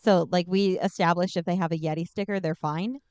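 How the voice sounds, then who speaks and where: A woman's voice: lowish voice, brisk, clean tone, no echo, muffled recording. A woman podcast co-host recapping a movie plot in a casual, joking, sarcastic way. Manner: joking, sarcastic, animated storytelling.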